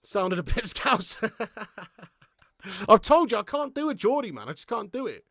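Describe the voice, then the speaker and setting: Excitable sweary football watchalong host. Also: male voice, high voice, a little slow, vocal fry, dry recording, clean studio sound. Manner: excitable, swears a lot, chats with viewers. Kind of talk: live watchalong commentary.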